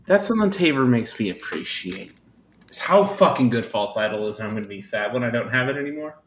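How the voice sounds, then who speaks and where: A man's voice: mid-range voice, expressive, brisk, faint music behind. A man co-hosting a podcast in casual chat, joking and self-mocking. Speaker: podcast co-host. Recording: echoey room, faint background noise.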